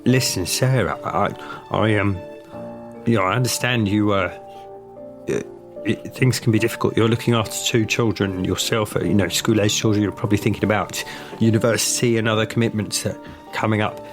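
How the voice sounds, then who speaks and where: A man voicing a stiff, earnest financial adviser in a lowish voice, stumbling over his words. Music plays behind. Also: fairly even intonation, fairly quick, lightly acted. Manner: hesitant, many fillers.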